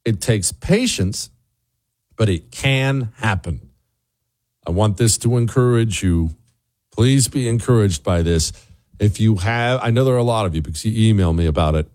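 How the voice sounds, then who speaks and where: A man hosting a talk radio show, delivering an opinionated monologue in a sarcastic way, with his voice leaping up high when he mocks something. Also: normal speed, a little mellow. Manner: sarcastic, with big swooping pitch jumps for mockery.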